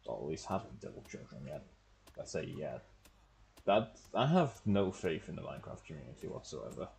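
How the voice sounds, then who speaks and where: A man's voice: very deep voice, very animated, moderate pace, vocal fry, a little mellow, slight background noise. A man streaming a game, chatting casually with wry, profane, rambling asides. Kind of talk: casual gameplay commentary.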